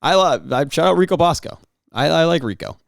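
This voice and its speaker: Solo podcast host, a man with a higher voice, rambling and excitable, dry sound. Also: fairly quick, gravelly, no room sound. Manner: rambling and excitable, frequent restarts and mock outrage.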